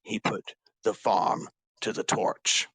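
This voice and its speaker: A man voicing a grief-stricken dragonborn warrior, confessing in a raw, halting way with whispered breaks. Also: fairly bright tone, no echo. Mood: grieving. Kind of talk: tabletop role-play character speech.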